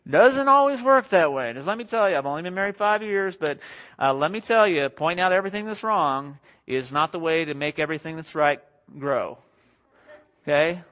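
A young married man preaching a sermon to a congregation in a conversational, self-deprecating way, slipping into quick acted-out quotes. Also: on the high side, a bit bright. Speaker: pastor. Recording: dull lo-fi sound.

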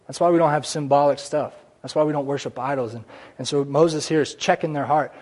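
A man's voice: fairly high pitch, fairly even intonation, brisk, darkish tone. A man preaching a conversational church sermon, with asides and small jokes along the way. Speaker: pastor. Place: church sanctuary.

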